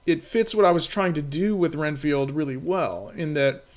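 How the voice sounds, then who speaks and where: Guy streaming live, kinda high voice, rambly, lots of "you know" and "right?". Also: moderate pace. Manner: rambling, filler-heavy, keeps checking in with "right?". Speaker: game streamer and developer. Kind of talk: casual live-stream chat.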